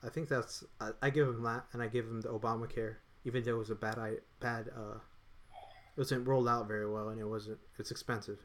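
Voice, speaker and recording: A man's voice: mid-range voice, little pitch movement, a little fast. A man co-hosting a casual podcast, rambling loosely with frequent restarts. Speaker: podcast co-host. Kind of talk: casual chat.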